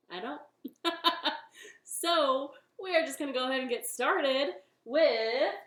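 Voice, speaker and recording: A woman hosting a children's storytime from her living room, chatty and playful as she talks to young children. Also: on the high side. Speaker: library storytime host. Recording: roomy home recording with faint ukulele.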